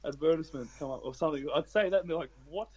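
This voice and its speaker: A man's voice: on the high side, rapid-fire, darkish tone, muffled recording. A young adult man with an Australian accent, chatting as a podcast guest in a laid-back, rambling way with plenty of swearing. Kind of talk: casual chat.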